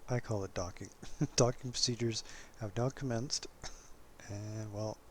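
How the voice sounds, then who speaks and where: Guy with a lowish voice talking over his naval game replay, easygoing, laughs at himself a lot. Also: unhurried, slight background noise. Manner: relaxed, chuckles often, self-mocking. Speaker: gameplay commentator. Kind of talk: casual game commentary.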